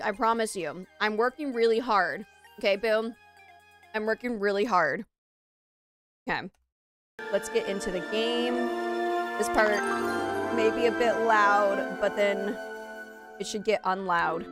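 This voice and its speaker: A woman live-streaming a cozy game, talking excitedly to her chat and game animals over a headset. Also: fairly high pitch. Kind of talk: casual live-stream chat while gaming.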